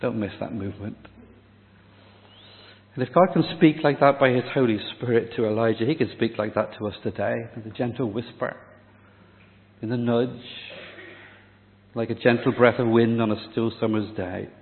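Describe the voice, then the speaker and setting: A man preaching a sermon, dramatic, dropping to a hush on key words. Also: mid-range voice, moderate pace. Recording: echoey hall, tinny phone-like sound.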